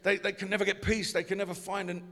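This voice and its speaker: Preacher, man, high and bright voice, shouting sermon, long hall reverb. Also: little pitch movement, fast talker. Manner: preaching, rising to shouts, asks the congregation questions. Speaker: pastor.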